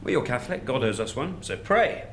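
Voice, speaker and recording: An actor playing a blustering surgeon in a sitcom, bluff and sardonic in manner. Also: male voice, medium pitch, sing-song, brisk, slight background noise. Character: cocky, blustering male surgeon. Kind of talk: sitcom acting. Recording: TV sitcom audio with music underneath.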